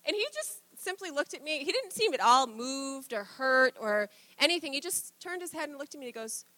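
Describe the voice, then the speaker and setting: A woman pastor, probably in her thirties, preaching a conversational sermon, chatty and quick to laugh, acting out little quoted exchanges. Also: high-pitched, animated, pushed and bright, dry recording.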